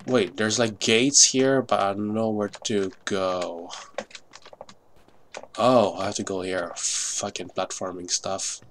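A man's voice: lowish voice, fairly even intonation, takes it slowly, fairly bright tone, slight background noise. A man giving live gameplay commentary, swearing often in frustrated outbursts over keyboard clicks. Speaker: gamer.

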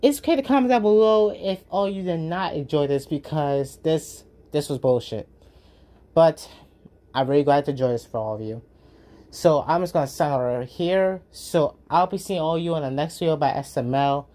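A woman's voice: low voice, animated, moderate pace, dark tone. A woman hosting a reaction video, ranting with profane indignation.

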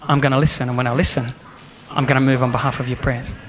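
A man's voice: medium pitch, flat delivery, quick pace, fairly bright tone, voice pushed down, close to an everyday voice. A man quoting a young woman as she earnestly tells the church her story. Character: tearful young woman sharing her testimony.

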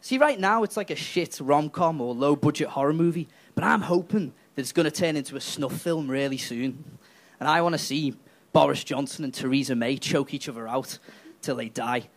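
A high-pitched man tears through a crude stand-up routine on a comedy club stage. He rants and swears, jumping between mock voices and shouted punchlines. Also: moderate pace, hardly any pauses. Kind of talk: stand-up set.

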